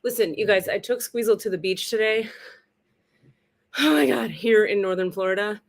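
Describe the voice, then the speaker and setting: A woman from California hosts her own live stream from a rented room, chattering loosely and joking at her own expense. She swears freely and keeps her talk playful and unscripted, in a voice of ordinary middle pitch. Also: moderate pace, gravelly. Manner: chatty, profane, self-mocking, playful. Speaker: livestream spiritual host. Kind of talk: casual livestream chat. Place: rented home indoors.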